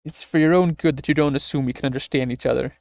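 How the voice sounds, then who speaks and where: A man's voice: medium pitch, fairly even intonation, fast, vocal fry, darkish tone, no echo, clean studio sound, lightly acted. A man voicing an aloof woman who hosts a deadly game, speaking in a formal, distant way. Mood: cold.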